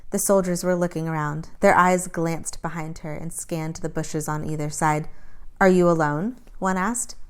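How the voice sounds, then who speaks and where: Low-voiced woman reading a story aloud. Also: fairly even intonation, normal speed, few pauses, smooth. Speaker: teacher reading to a class.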